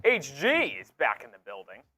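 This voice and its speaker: A young man co-hosting a live sports stream, reading viewer super chats in an energetic, casual way with loud excited bursts. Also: mid-range voice, normal speed, slight background noise.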